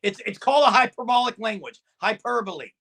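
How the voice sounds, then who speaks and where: A man co-hosting a casual sports talk stream, loud and emphatic, sometimes yelling. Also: high voice, lively intonation, a little fast, creaky, slightly rough. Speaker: co-host.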